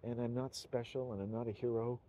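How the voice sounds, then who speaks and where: A man's voice: mid-range voice, little pitch movement, fairly quick, warm tone, rough recording. A middle-aged man giving an earnest, rambling personal monologue to his channel, swearing when stirred. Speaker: YouTuber.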